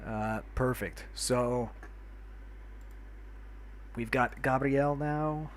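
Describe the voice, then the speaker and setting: There's a slight hiss or hum behind this man's mid-range voice, and he speaks very slowly. He's a New York streamer playing a city builder, casually chatting, warmly greeting and thanking his viewers by name along the way.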